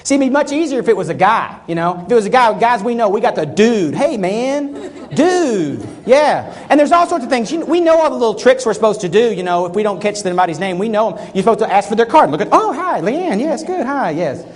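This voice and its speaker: A man's voice: sits high, animated, quick pace, hardly any pauses. A man giving a keynote talk on stage to a live audience, acting out little scenes in quoted voices. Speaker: keynote speaker.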